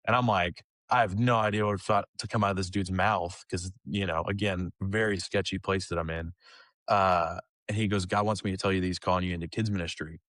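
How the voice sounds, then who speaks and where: A young man in his twenties, a kids ministry leader, telling a personal story in a casual, animated way and acting out the dialogue. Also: low-pitched, a little fast, no echo, clean studio sound. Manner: animated storyteller who acts out quoted dialogue; casual, with frequent fillers like "like" and "um". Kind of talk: conversational storytelling.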